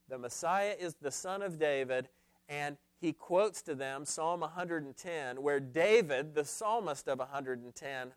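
With a fairly high voice and no room sound, a man teaches a class an expository Bible lesson. He is earnest and emphatic, putting questions to those listening.

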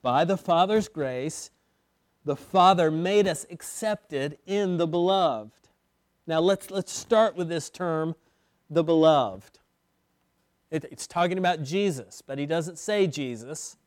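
A man preaching an expository sermon as pastor, emphatic, slowing down and repeating words for weight. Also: fairly high pitch, no echo, clean studio sound. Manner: emphatic, with slow stretched phrases and repeated words.

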